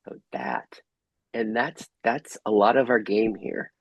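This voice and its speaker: A man leads a group workshop over a video call. His voice is low and husky, and the sound is dry and close. He asks gentle, inviting questions. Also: big pitch swings, slow, dry recording, dull audio. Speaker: workshop facilitator. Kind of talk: guided group workshop facilitation.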